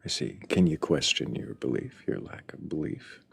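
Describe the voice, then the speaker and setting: A man's voice: lively intonation, normal speed. A man hosting a live talk stream in a dry, teasing way. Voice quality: deep gravelly voice. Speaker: host.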